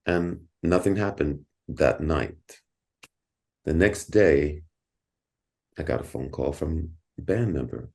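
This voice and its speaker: Deep-voiced middle-aged man, podcast guest, animated storyteller with frequent laughs and restarts. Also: slow pace, creaky, long pauses. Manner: animated, repeats words, laughs often. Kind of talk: casual storytelling.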